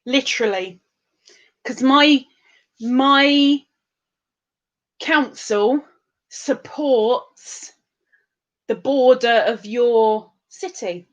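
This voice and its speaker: A woman's voice: on the high side, extremely slow, pauses often. A woman, hosting a livestream and chatting casually as she reads out and greets viewers' comments in a sing-song, giggly way. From England. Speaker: livestream host.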